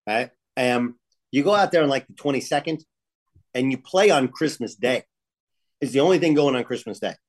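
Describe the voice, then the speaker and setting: A man's voice: mid-range voice, expressive, moderate pace. A middle-aged man on a sports podcast, telling a long anecdote in a casual, rambling way with lots of fillers. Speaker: podcast co-host and game broadcaster. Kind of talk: casual sports chat, storytelling.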